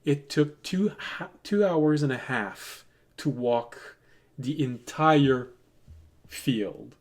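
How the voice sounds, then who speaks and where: A man running a tabletop game as game master, relaxed and digressive, laughing often as he tells stories. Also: fairly high pitch, drawn-out words.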